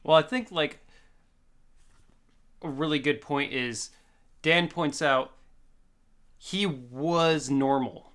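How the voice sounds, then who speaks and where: A man's voice: a little high, takes it slowly, long pauses, a bit bright. A man co-hosting a casual podcast chat, laid-back and swearing freely. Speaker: podcast co-host.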